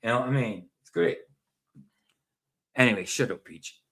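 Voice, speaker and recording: A man's voice: medium pitch, moderate pace, fairly bright tone. A man with a broad Doric Scottish accent from northeast Scotland, chatting casually, laughing often and repeating himself. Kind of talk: casual chat.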